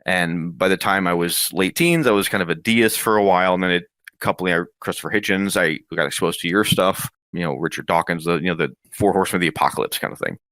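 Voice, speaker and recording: A man in his thirties, an interview guest, telling a personal story in a casual, animated way. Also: low-pitched, quick pace, no room sound, clean studio sound. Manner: lively, animated retelling with acted quotes.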